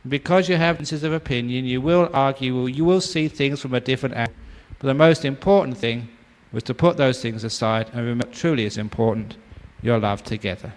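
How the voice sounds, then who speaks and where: A man's voice: mid-range voice, fairly quick. An older man from England giving a dharma talk, storytelling playfully and laughing often. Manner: playful, laughs often, acts out voices in stories. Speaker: meditation teacher. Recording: long reverb of a hall.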